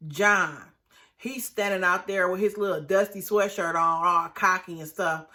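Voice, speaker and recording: A woman recapping a reality TV episode in casual commentary, animated and outraged, talking straight to her viewers. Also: fairly low pitch, a little slow.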